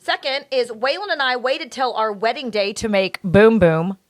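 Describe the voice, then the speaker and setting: A woman's voice: fairly high pitch, moderate pace. A woman co-hosting a podcast, chatting casually, laughing often and protesting good-naturedly. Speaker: podcast co-host. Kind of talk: casual chat.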